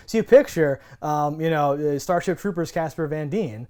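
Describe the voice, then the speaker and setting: A man co-hosting a casual movie review chat, with a fairly high, light voice. He jokes constantly, tosses in quick asides and laughs a lot. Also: a little mellow. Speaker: podcast co-host.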